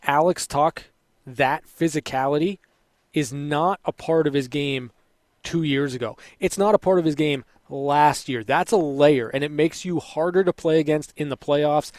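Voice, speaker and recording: A man hosting a call-in sports radio postgame show, upbeat and quick to greet callers. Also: on the high side, dry recording, studio quality. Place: radio studio. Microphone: broadcast mic.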